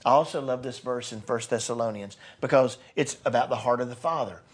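A man preaching a sermon as a pastor, earnest, rising to loud bursts and dropping soft again. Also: mid-range voice, brisk, breathy edge.

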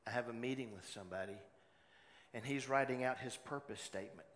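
A man preaching a sermon as pastor, moving between loud exhortation and hushed personal storytelling. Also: mid-range voice, a little fast. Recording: long hall reverb, faint room noise.

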